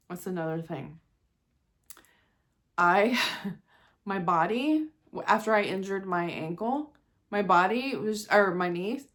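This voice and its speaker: A woman's voice: medium pitch, a bit bright. A woman, venting candidly in a rambling, personal vlog, often breaking into laughs and sighs. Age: 40s. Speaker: vlogger. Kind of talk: casual personal vent.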